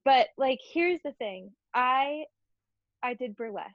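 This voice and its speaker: A young adult woman, a podcast guest, telling her story in a chatty, expressive way. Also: high voice, unhurried, dry recording. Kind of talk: conversational interview. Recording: dull, dry lo-fi audio.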